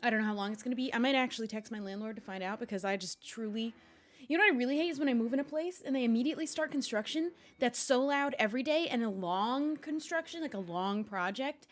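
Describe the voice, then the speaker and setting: A woman's voice: fairly high pitch, fast talker. A young adult woman streaming live, chatting casually and rambling, laughing often between complaints.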